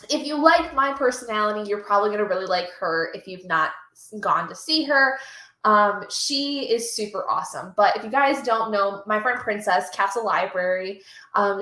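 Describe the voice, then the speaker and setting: A woman's voice: on the high side, bright, forceful tone, reverberant. A woman hosting a reading live stream, chatting casually, reading chat aloud and getting emotional and gushing.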